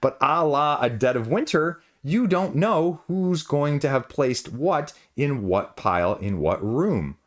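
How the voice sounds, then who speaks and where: A man's voice: a little high, lively intonation, takes it slowly, hardly any pauses. A man reviewing a board game in a conversational way, asking rhetorical questions and making asides as he goes. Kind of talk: casual spoken review.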